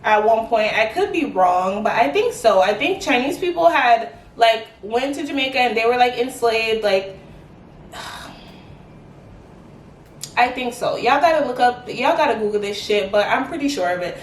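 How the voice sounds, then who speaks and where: A young woman with a high, bright voice chats to her camera in an animated, rambling way, leaning on "like" as a filler. She sits back from the mic, so the room rings around her with a faint hum of ambience. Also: normal speed. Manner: animated, chatty, many "like" fillers. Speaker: vlogger. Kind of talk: casual chat to camera. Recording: echoey room, mic at a distance.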